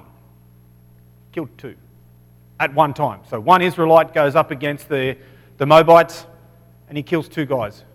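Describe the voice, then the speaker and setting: A preacher with an Australian accent teaches from the Bible in a loose, chatty way, frequently checking in with many "okay"s and correcting himself. His slightly high voice rings out with the long reverb of a hall.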